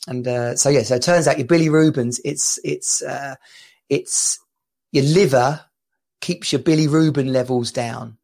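Gravelly man telling stories. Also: medium pitch, unhurried. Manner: animated storyteller, laughs often, repeats himself. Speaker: podcast co-host. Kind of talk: casual chat, anecdote telling.

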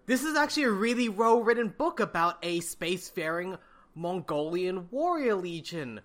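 A bright, sharp-toned speaker co-hosting a casual podcast, with mid-range pitch. A teacher by day, they make their points with emphatic, pleading asides. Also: animated, moderate pace. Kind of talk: casual book-club chat.

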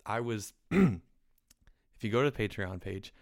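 A man's voice: lowish voice, animated, unhurried, creaky, no room sound. Patient man hosting a podcast, dry close mic. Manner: patient, mildly exasperated straight man. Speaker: podcast host. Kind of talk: casual podcast banter.

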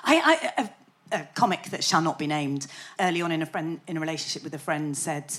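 A woman comedian chatting before a live audience, animated and self-deprecating, laughing often. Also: low-pitched, fairly quick.

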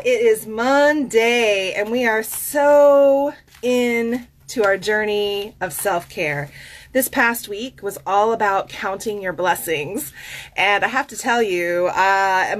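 A chatty woman coach with a Southern US drawl hosts a relaxed self-care talk show. Her pitch sits in the middle, and she rambles warmly through asides and fillers. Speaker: host and life coach. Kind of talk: casual podcast monologue with card reading.

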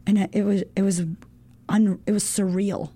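Frank and profane, a young American woman, appearing as a guest, relates a personal story from home in Australia, dropping "like" all over. Her voice is medium-pitched, warm and level, with a breathy edge and a moderate pace.

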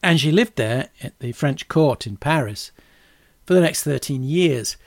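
A man's voice: a little high, animated, unhurried, no echo, studio quality. A middle-aged man telling history in a casual, chatty way, with wry asides. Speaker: podcast host.

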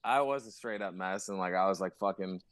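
A man's voice: low-pitched, brisk, dry recording. A man talking in casual podcast chat as a guest musician, rambling with lots of swearing and fillers.

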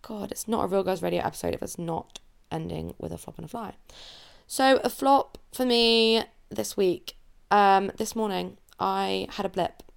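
Tucked under a blanket at home, a young woman from England records a solo podcast in a medium-pitched, creaky yet clean voice at normal speed. She talks about her life in a chatty, open, emotional way, sometimes cracking near tears.

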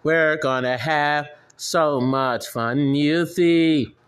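A man's voice: fairly high pitch, fairly even intonation, very slow, fairly bright tone, clear, resonant tone. A man chanting a hype phrase over and over in a loose, casual way.

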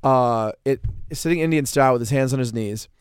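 A man's voice: mid-range voice, fairly quick, clean tone, no room sound, studio quality. Crude, joking male storyteller. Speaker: podcast co-host and former Marine. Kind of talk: casual storytelling chat.

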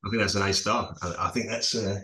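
A man's voice: on the low side, fairly even intonation, fast talker, bright, forceful tone. A man co-hosting a comedy podcast, smugly teasing a friend and boasting about the feedback. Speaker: podcast co-host. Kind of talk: casual banter among friends.

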